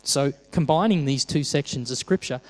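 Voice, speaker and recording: A man's voice: mid-range voice, moderate pace, a little mellow, long reverb tail, rough recording. A man preaching a sermon in a conversational way, often repeating words as he starts a phrase.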